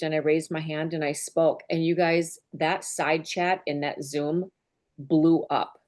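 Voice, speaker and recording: Woman business mentor, lowish voice, earnest and open, heartfelt group-call talk. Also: steady tone, slow. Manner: earnest and openly emotional, conversational. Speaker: business mentor and team leader.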